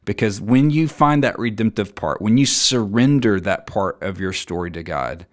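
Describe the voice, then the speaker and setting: A man with a somewhat low voice delivers a sermon in an earnest, emphatic way. He reads scripture aloud and lets his voice sink low and quiet to land his main points. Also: moderate pace.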